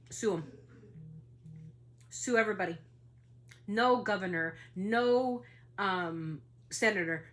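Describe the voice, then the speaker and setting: A woman's voice: lowish voice, a bit bright. A woman hosting a family podcast in a casual monologue, heated and indignant, swearing as she talks about being upset. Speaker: podcast host.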